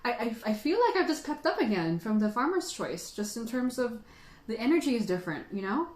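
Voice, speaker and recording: A woman's voice: on the high side, very animated, a little fast, darkish tone. A woman hosting a casual livestream who chats in a rambling way and laughs often. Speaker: tea livestream host. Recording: roomy echo.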